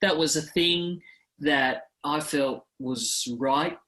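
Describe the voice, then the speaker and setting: A man's voice: on the high side, slow, sharp tone. A man with an Australian accent, a guest reporter in a casual podcast chat, earnest and rambling, often restarting his sentences.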